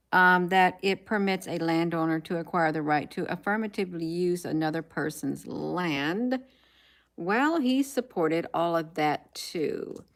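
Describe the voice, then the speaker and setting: Slow, low-voiced woman musing aloud. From United States. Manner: musing aloud, reading headlines, trailing off with many ums. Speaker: livestream host. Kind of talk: casual livestream commentary.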